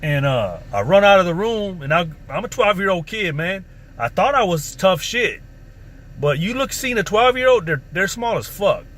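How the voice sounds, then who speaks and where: A man's voice: high-pitched, very animated, moderate pace, a bit bright. A man casually telling a story from his past, in a profane, streetwise, rambling way. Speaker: vlogger. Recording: faint background noise.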